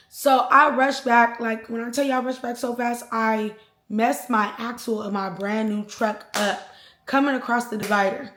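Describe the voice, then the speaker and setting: Young woman, fairly high voice, animated slangy storyteller recorded in a roomy, echoey space. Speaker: vlogger. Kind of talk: storytime vlog. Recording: roomy echo.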